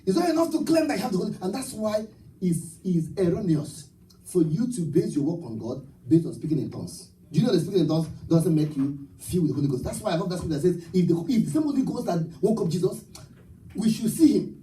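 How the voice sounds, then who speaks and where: A man's voice: high-pitched, big pitch swings, quick pace, mellow, distant mic, poor audio. A man preaching a live church sermon, rousing the congregation with call-and-response and rhetorical questions. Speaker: pastor. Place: church sanctuary at a live service.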